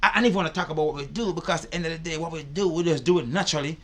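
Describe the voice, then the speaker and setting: A man's voice: on the high side, rapid-fire. A man giving indignant, profane reaction commentary. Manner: indignant, profane, repetitive ranting. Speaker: reaction video host.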